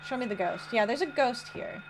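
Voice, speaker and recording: A young woman streaming a horror game, chatting casually with viewers, greeting them and reading chat, with sudden excited outbursts between quiet mutters. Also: fairly high pitch, brisk, a little hiss or hum.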